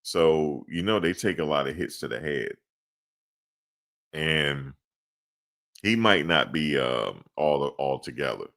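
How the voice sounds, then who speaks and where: Deep-voiced man in lively sports banter. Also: slow pace, vocal fry, long pauses. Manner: animated, slangy, laughs often. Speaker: sports podcast co-host. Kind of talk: casual sports chat.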